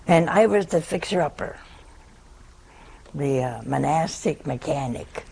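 A woman's voice: low-pitched, lively intonation, a little slow, vocal fry, dark tone, slight background noise, low-quality recording. An older woman, a nun, telling a funny personal story to an audience in a folksy, self-mocking way. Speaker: nun, head of a religious community.

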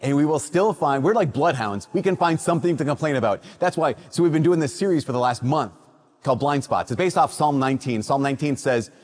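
A man's voice: on the high side, fairly quick. A man from Minnesota, a priest, reading the Gospel and preaching a casual, conversational homily in a church. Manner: conversational storytelling with lively quoted voices. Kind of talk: sermon. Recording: long church reverb.

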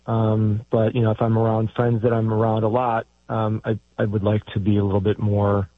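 A man's voice: on the low side, completely flat delivery, moderate pace, no echo. A man calling into a show, speaking hesitantly with many fillers and restarts. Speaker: caller. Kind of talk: call-in conversation. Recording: tinny dry phone line.

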